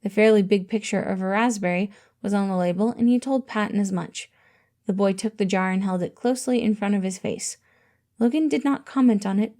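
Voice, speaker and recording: Casting: woman narrator for a fan-fiction reading, mellow, steady and gentle. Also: mid-range voice. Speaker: audiobook reader.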